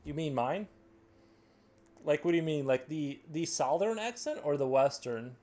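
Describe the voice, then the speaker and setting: A man's voice: a little high, animated, moderate pace, a little mellow. An American man with a standard accent, chatting casually and joking while he draws during a live stream. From United States. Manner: rambling, joking, reading chat aloud. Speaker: livestream artist.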